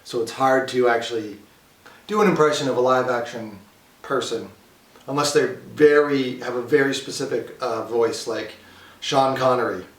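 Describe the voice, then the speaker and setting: A man's voice: mid-range voice, normal speed. Casual man in an echoey room. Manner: casual, rambling with fillers. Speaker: video host. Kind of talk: casual impressions showcase. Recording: echoey room, far from mic.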